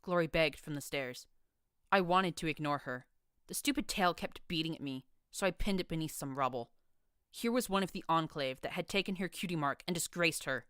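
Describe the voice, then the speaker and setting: A woman narrates a first-person story in an even, steady storytelling manner. Her voice is low and smooth, clear in tone. It is recorded on a close mic with a dry, dead sound. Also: moderate pace, dry recording. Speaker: audiobook narrator. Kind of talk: audiobook narration of fan fiction.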